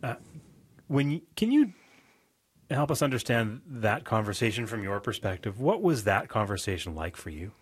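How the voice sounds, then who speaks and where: A man interviewing a guest in a broadcast interview, asking gentle, measured questions. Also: fairly low pitch, sing-song, husky, dry recording. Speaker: radio interviewer.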